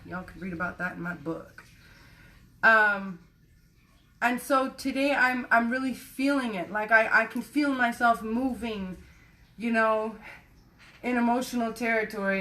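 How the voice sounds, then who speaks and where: A woman with a bright, slightly high voice shares her feelings in a loose, candid monologue. She rambles and circles back as she reflects on herself, and drops an offhand curse without a second thought. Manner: rambling, self-reflective, casually profane. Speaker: personal vlogger.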